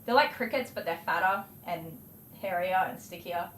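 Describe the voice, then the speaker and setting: A woman's voice: on the low side, moderate pace. Chatty Australian woman groomer, roomy echo. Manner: animated, laughing, acts out voices in anecdotes. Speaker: dog groomer livestream host. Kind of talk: chatty livestream storytelling while working. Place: indoor grooming room. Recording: roomy echo, faint clipper noise. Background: electric clipper buzz.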